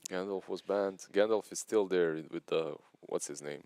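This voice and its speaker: Deep-voiced laid-back esports analyst man. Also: moderate pace, darkish tone, clear, resonant tone, dry recording. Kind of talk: live game commentary.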